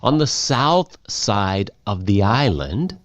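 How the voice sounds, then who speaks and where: A man teaching English who reads a story aloud, explains words, and repeats them slowly for students to copy. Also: on the low side, very animated.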